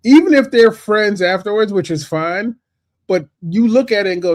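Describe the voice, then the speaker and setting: A man's voice: sits high, moderate pace, darkish tone. A man co-hosting a wrestling podcast, talking casually in rambling runs with repeated restarts. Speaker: podcast co-host. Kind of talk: casual wrestling debate chat.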